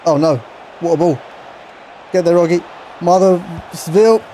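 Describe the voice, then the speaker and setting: A gaming YouTuber, young and excitable, calls a football game while playing, his mellow, soft voice pitched a touch high and a little slow. He swings from loud cheers to quiet mumbling over a faint hum of background noise.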